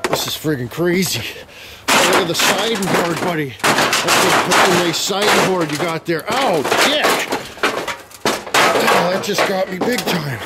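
A young man vlogging outdoors on a handheld camera, rambling and joking loudly with plenty of slang and swearing. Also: sits high, very noisy. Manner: loud, profane, joking banter with lots of slang. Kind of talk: casual rambling vlog chat.

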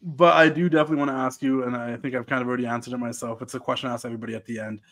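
Guy hosting a podcast, talks fast, quick affirmations, casual. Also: medium pitch, steady tone, fairly bright tone. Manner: friendly, quick reactions and affirmations. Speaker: podcast host. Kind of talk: casual interview chat.

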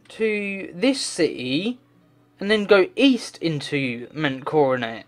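A man's voice: fairly high pitch, big pitch swings, slow, faint music behind. A man doing game commentary, talking to himself and swearing in frustration as he plays. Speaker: let's play gamer.

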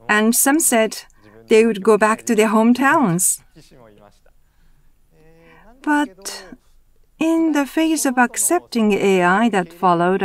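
A woman provides an English voice-over interpretation of a roundtable discussion. Her delivery is measured and even, with an occasional restart, and her pitch is medium.

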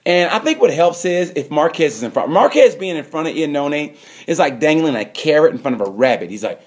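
A man hosts a comedic awards rundown in a rambling, excitable way. His pitch leaps around constantly, and he breaks into sudden loud outbursts. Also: a little fast. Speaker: host. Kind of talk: comedic monologue giving awards.

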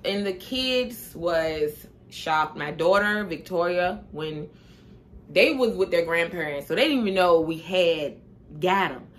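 A young woman vlogger chatting casually to camera in an expressive, slangy, animated way. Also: on the low side, a little slow, slight background noise.

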